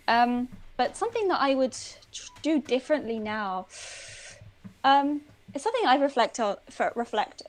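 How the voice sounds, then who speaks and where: Chatty British woman with frequent ums. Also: a little high. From United Kingdom. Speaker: guest language learner and university teacher. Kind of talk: casual conversation on a live stream.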